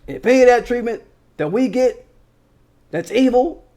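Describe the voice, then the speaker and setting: A man with a fairly high voice hosting his own commentary channel. He talks straight to viewers in heated, slangy street talk, swearing freely as he argues his point. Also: animated, moderate pace, mellow. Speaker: political commentary channel host. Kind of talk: casual political commentary.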